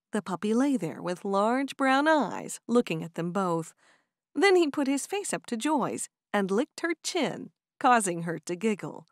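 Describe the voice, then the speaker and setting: A woman narrating an audiobook in an expressive, animated storytelling manner. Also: medium pitch, a little slow, no room sound, studio quality. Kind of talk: scripted narration.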